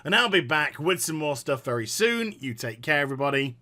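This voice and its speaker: A man's voice: on the high side, big pitch swings, fairly quick, bright, forceful tone. A man giving a profane, exasperated reaction commentary as a gaming vlogger, sarcastic and cutting.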